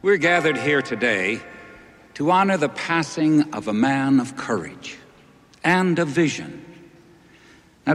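A man playing a minister giving a measured eulogy at a funeral, in a film clip. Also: mid-range voice, a bit bright, heavily acted. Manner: measured, slow oratory. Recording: film clip with long reverb.

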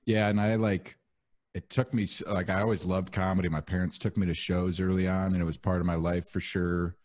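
A young man hosting a podcast, chatting casually in a relaxed, rambling way with lots of fillers. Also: low voice, fairly quick, no room sound. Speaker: podcast host.

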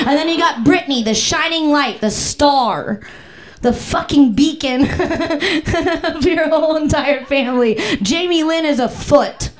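A woman's voice: high-pitched, measured pace. A woman doing profane, playful crowd-work stand-up on a comedy club stage with a handheld mic. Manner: brash, profane, playful, bursts into song.

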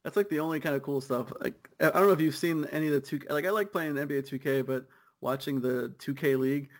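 A young man co-hosting a soccer podcast, chatting casually and riffing with easy laughs. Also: on the high side. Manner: laid-back, quick riffing with laughs. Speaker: podcast co-host.

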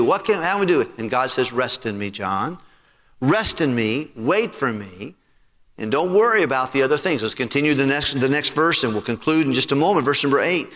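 Bright-voiced preacher in an echoing hall. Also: male voice, fairly high pitch. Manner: preaching with rising emphasis and congregational questions. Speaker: pastor. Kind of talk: sermon. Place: church sanctuary. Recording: long reverb of a church hall.

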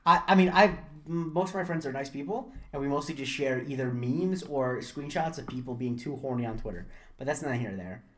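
A man's voice: medium pitch, a little fast, slight background noise. Rambling young man chatting casually. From Florida. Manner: rambling, self-interrupting, animated storytelling. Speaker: podcast co-host. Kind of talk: casual chat.

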